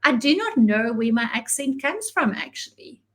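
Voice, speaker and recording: A South African woman in her forties chats as an interview guest in a fairly high voice. Her talk is reflective and easy, with frequent laughter. Afrikaans was her first language. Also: very animated, moderate pace. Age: 40s. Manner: warm, reflective, laughs often. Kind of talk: casual interview chat.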